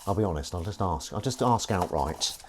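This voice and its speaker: A man's voice: low-pitched, lively intonation, brisk, background noise. A man hosting a casual live stream, chatting and reading out viewer comments in a playful way. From Northern England. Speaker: livestream host. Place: home kitchen while washing up.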